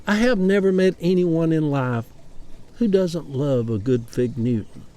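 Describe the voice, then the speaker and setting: A man's voice: on the high side, unhurried, warm tone. A man from Atlanta with a Southern US accent, talking in a chatty, opinionated monologue with wry rants. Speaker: vlogger. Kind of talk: casual personal monologue.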